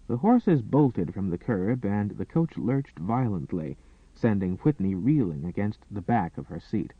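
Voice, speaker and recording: Dramatic male narrator for a period romance; animated delivery, thin phone-like audio. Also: fairly low pitch, a little slow, slightly rough, dry recording. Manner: expressive, dramatic reading. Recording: dry, tinny phone-like sound.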